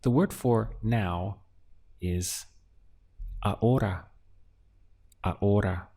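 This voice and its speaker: A man teaching a language lesson, speaking calmly and patiently and pausing often so the listener can answer. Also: on the low side, breathy edge. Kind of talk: slow, deliberate language lesson.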